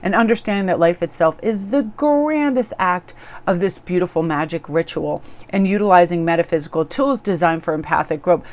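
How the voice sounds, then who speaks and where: A woman's voice: fairly low pitch, moderate pace, darkish tone. A woman tarot reader chatting casually to her viewers in a bubbly, gushing way. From Korean heritage, living in New England.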